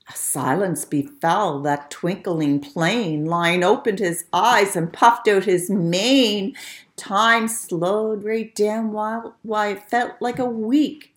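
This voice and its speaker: A woman reading a rhyming storybook aloud in an expressive, playful way. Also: medium pitch, takes it slowly.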